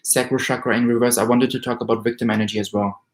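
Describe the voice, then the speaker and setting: A man doing a weekly tarot reading, reading card meanings aloud and growing emotional and excited as he goes. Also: medium pitch, fast. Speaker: tarot reader. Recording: roomy echo.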